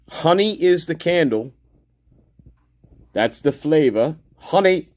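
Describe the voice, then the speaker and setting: A man's voice: a little high, expressive, slow pace, pauses often, darkish tone. A man hosting a casual livestream, talking in a rambling, profane, repetitive way and laughing often. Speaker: livestream host.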